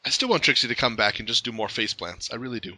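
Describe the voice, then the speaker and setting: A man's voice: mid-range voice, expressive, very fast, pushed and bright, dry recording, poor audio. A young man hosting a fan podcast, enthusiastic and playful, with stammering restarts. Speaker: podcast host. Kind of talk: casual podcast interview.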